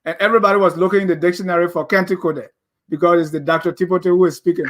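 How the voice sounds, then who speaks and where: A man's voice: sits high, fairly even intonation, quick pace, a bit bright. A man with a Liberian accent hosting an interview, giving short replies and laughing often. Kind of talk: radio interview.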